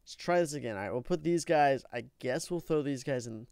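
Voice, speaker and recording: A young man hosting a let's play video, talking through his game with excitable, melodramatic outbursts of frustration. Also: medium pitch, fairly quick, clear, resonant tone, no echo, clean studio sound. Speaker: gaming video host. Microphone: own microphone, said.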